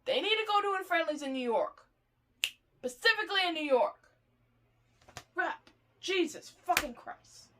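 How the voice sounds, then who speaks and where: A woman's voice: very high-pitched, animated, normal speed, pauses often, pushed and bright. A young woman ranting heatedly in a casual monologue, swearing and exasperated while reacting to a podcast.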